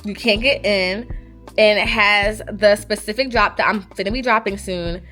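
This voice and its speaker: A woman's voice: medium pitch, fairly even intonation, normal speed, sharp tone, faint music behind. A woman, talking casually and candidly to camera in a warehouse, a bit out of breath. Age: 20s. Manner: chatty, candid and swearing. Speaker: small business owner and vlogger. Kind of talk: casual vlog talk to camera. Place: warehouse space, indoors. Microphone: handheld phone camera.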